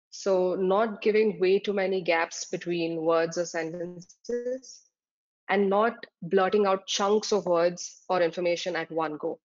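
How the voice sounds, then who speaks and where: A woman with a fairly low voice teaches from her slides, defining each term one by one and pausing on small fillers as she goes. The sound is dull and lo-fi, with the top end muffled. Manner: explains terms step by step, with frequent fillers. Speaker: exam tutor. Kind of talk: slide-based lecture. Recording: dull lo-fi recording.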